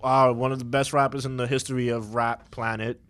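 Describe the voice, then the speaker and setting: A man's voice: medium pitch, level tone, a little fast, a bit bright, smooth. A man hosting a casual podcast, slangy and joking, sometimes dropping to a mumble. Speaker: podcast host. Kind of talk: casual chat.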